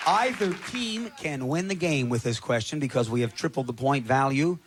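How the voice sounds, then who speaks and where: A game show host with a drawl reads out survey questions at a brisk clip, his pitch leaping about as he jokes with contestants. The sound is an old television broadcast, with a loud studio audience and steady noise underneath. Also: crowd noise. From Kentucky. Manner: brisk, joking, drawn-out question reading.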